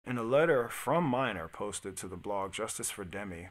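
A man's voice: lowish voice, animated, normal speed. Slangy man reacting to news live. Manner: reads news aloud and reacts with blunt slangy asides. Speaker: streamer host. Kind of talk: casual live-stream commentary.

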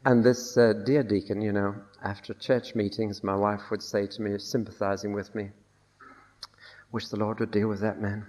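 An older man speaks in a somewhat low voice. He preaches in a relaxed storytelling way, slipping in dry, wry asides as he recounts a personal testimony. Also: normal speed. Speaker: Bible teacher.

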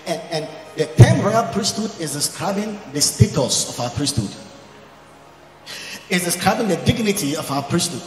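A male pastor preaching a fiery sermon, quoting old-style scripture and at times shouting and speaking in tongues. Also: on the high side. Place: large church event hall. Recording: echoey hall recording.

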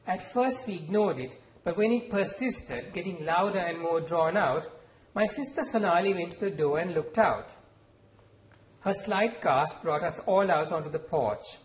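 A man from Sri Lanka, reading aloud from his novel in a measured, expressive storytelling manner at a university event. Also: sits high, echoey room, a little hiss or hum, low-quality recording. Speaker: author. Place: lecture hall at a university event.

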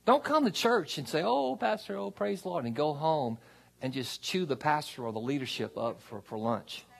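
Gravelly, lively-voiced man preaching. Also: a little high, moderate pace. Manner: conversational preaching with call-and-response asides. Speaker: pastor. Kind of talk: sermon. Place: church sanctuary.

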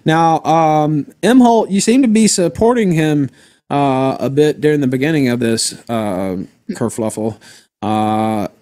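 A man with a Southern Delta accent, hosting a live stream in casual chat, halting with many fillers and restarts. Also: a little high, expressive, a little mellow, no echo. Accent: Mississippi Delta Southern. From American South, Delta region. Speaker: stream host.

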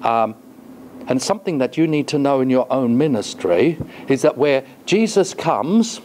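A man's voice: mid-range voice, expressive, normal speed, a little mellow, slight background noise. A man giving a college lecture in a classroom. He talks in a thoughtful, hesitating way and keeps asking the class rhetorical questions.

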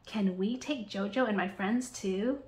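A woman voicing an excited, cheerful young girl in a storybook. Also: medium pitch, measured pace, lightly acted. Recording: roomy echo.

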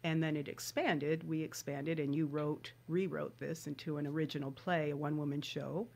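A woman's voice: low voice, fairly even intonation, normal speed, vocal fry, darkish tone. A woman hosting an interview, speaking casually with hesitant fillers. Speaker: podcast host.

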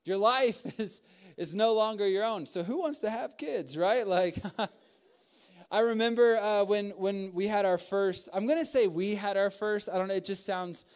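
A young man delivering a lighthearted sermon, his voice sitting high for a man. He tells stories with humor, laughs often, and throws in quick asides. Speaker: young adults pastor.

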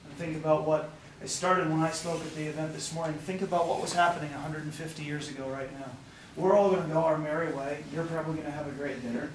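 A hoarse man leads a tour group outdoors, his voice worn but pitched a little high, and he speaks with the emphatic fervor of a preacher. He is picked up from a distance, with heavy echo and some faint noise around him. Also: fairly even intonation, fast. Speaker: tour guide. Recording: distant, echoey outdoor recording.

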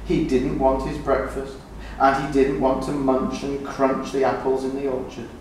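A man reading a children's picture book aloud, slow and expressive. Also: medium pitch, a little hiss or hum. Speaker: children's story reader. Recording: echoey room, distant mic.

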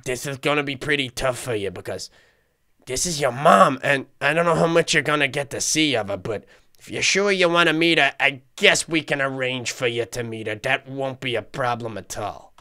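A man voicing a calm adult male bodyguard in a block-game role-play, reassuring and hesitant, often repeating words. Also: medium pitch, normal speed.

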